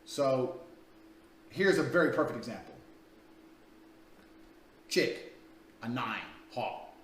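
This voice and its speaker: A man's voice: medium pitch, sing-song, slow, long pauses, a bit bright. A man coaching in a crude, blunt, profane way, talking through a paid dating course. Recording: echoey room, distant mic, faint ambience.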